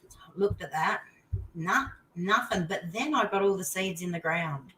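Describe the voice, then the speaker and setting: An older woman with an Australian accent, a guest on an interview show, telling a personal story in casual chat with excited outbursts. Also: fairly low pitch, fairly quick, poor audio. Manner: animated storytelling, voice leaping into exclamations.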